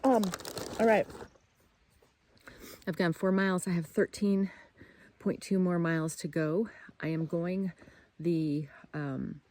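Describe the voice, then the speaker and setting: A woman's voice: fairly low pitch, fairly even intonation, slow, pauses often, a little mellow, no echo. A woman filming a solo backpacking vlog, chatting to the camera as she hikes a mountain trail and cheering herself on. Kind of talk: casual on-trail video diary. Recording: outdoor trail recording with clear background noise.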